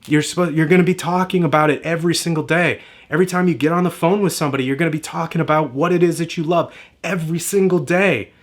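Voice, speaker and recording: A man's voice: on the high side, steady tone, quick pace. A man giving a direct-to-camera marketing lesson, emphatic and repetitive in a motivational way. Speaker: marketing coach.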